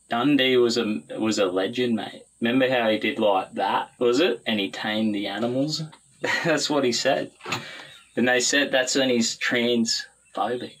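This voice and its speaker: A man's voice: medium pitch, fairly bright tone, breathy edge, low-quality recording. A man with an Australian accent voicing a brash, crude, boastful larrikin in a comedy sketch clip. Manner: boastful, swaggering, slangy.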